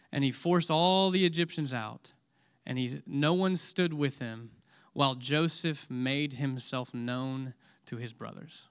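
Male preacher, high pitch, emotional sermon delivery that swings between loud and hushed. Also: clear, resonant tone. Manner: asks audience questions.

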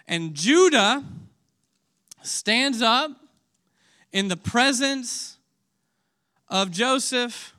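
Emotional male preacher, bright high voice. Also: expressive, very slow, pauses often. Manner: emotional, swings from loud to hushed; asks audience questions. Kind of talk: sermon.

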